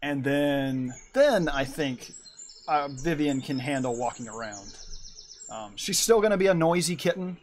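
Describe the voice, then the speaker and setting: A man's voice: fairly high pitch, animated, measured pace, slight background noise. A man streaming from his room at home, chatting casually and rambling while he draws and answers his chat. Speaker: art streamer.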